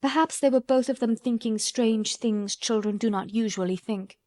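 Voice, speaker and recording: A woman reading a classic novel aloud as an audiobook narrator, in a calm, measured storytelling manner. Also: a little high, no echo. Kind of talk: scripted narration.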